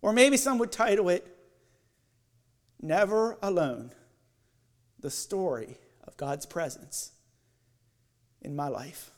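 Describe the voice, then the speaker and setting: Very high-voiced man preaching slowly. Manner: slow guided imagery, building then softening. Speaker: lay preacher. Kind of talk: evening sermon. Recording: long church hall reverb.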